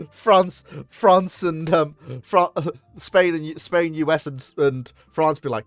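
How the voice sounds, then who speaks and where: A man's voice: a little high, a little slow, faint music behind. A man commentating live on a naval strategy game, swearing and talking to the ships on screen. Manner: swearing, excitable, talks to the game. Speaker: streamer.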